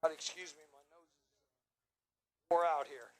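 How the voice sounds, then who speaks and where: A man with a high, ringing voice works the winner's circle at an outdoor drag strip. He jokes, teases and hypes the racers into a handheld microphone, never losing his brash energy. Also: takes it slowly, rough recording. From Long Island, New York. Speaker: track announcer.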